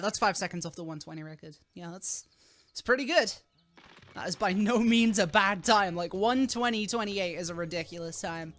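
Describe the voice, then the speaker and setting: A young adult woman streaming live, chatting casually, swearing freely and squealing loudly when thanking donors. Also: medium pitch.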